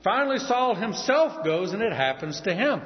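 Lively storytelling preacher in echoing hall. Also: male voice, high voice, moderate pace. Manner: storytelling, lively retelling with asides. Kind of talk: sermon. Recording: dull recording in a reverberant hall.

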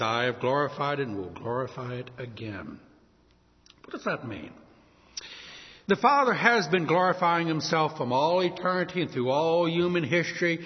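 A man preaching an expository sermon through a Bible passage, animated and rising into exclamations, with occasional coughs. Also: fairly high pitch. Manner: animated, rising to exclamations when mocking misunderstanding; coughs and clears throat at times. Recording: dull sound with long reverb in a hall.

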